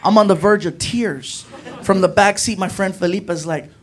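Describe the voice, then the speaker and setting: A man doing stand-up comedy, telling a story in an animated way that swings up to shouting. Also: high voice, normal speed. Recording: noisy live recording.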